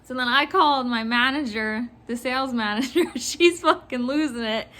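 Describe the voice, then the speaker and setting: A woman who works in retail telling a casual storytime about a customer, animated and often laughing. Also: high voice, moderate pace. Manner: animated, laughing, mimicking others. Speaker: retail store worker.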